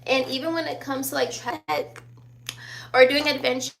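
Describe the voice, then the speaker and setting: A woman's voice: high-pitched, steady tone, moderate pace, gravelly, fairly bright tone. A woman in her twenties with a youthful-sounding voice, chatting casually and laughing often as she answers viewer questions. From born in Virginia, raised in Sicily and Germany. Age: 20s. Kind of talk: casual chat.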